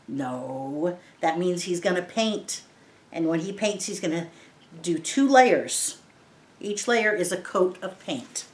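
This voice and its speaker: A woman with a lowish, expressive voice reads slowly from a picture book for children. She stops to explain each word patiently and in simple terms, and the room gives the lesson a noticeable echo.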